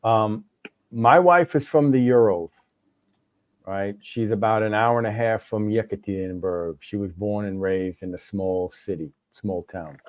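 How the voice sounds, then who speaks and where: A man's voice: on the low side, measured pace, no room sound. A man, a guest on a livestream chat, who tells stories with animation and acts out the dialogue. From New York, Long Island. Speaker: guest, war veteran living in Russia.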